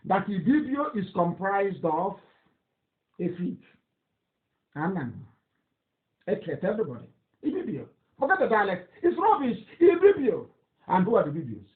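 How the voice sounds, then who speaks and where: Brief: high-voiced Nigerian man, fiery scornful broadcaster, phone-line quality. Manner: fiery, scornful, repetitive, laughs derisively. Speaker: political activist broadcaster. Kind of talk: impassioned radio broadcast.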